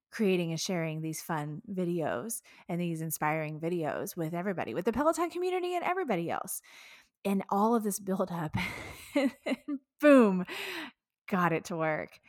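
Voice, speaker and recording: A woman in her thirties excitedly retelling a stressful story in a casual, animated way, with frequent laughs and the odd swear word. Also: fairly low pitch, dry recording, clean studio sound. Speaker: social media mentor.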